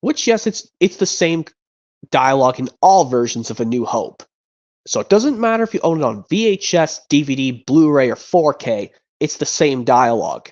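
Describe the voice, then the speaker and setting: A man's voice: mid-range voice, animated, normal speed, a little mellow. A man streaming, chatting casually and rambling with frequent restarts and repeated words. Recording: dull lo-fi sound.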